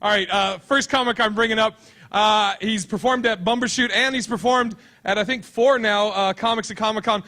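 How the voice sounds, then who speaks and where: A man's voice: high voice, steady tone, normal speed, pushed and bright. A man hosting a comedy show on stage, making easygoing announcements full of fillers before introducing the first comic. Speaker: show host and emcee.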